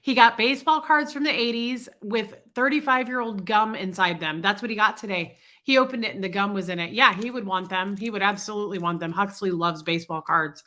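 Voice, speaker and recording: Livestream host, woman, bright voice thickened by congestion, chatty and greeting viewers by name. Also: mid-range voice, fairly quick, hardly any pauses. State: congested, sick voice. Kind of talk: casual livestream chat reading comments.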